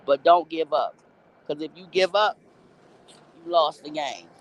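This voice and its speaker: A woman's voice: low-pitched, a little slow, dull audio. A blunt woman speaks in a candid storytelling monologue. She curses freely and stresses her points hard. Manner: blunt, profane, emphatic. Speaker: rapper telling her life story.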